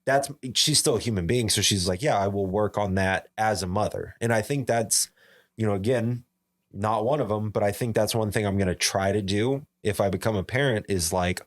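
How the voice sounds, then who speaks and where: A man's voice: lowish voice, moderate pace. Chatty young man telling stories. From Arizona. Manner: animated storyteller, fills talk with "like". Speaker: podcast guest or co-host. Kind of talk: casual podcast conversation.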